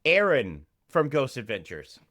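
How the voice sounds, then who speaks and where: A young man as a podcast guest, joking and animated in casual banter, jumping into shouts. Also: medium pitch, measured pace, no echo, studio quality.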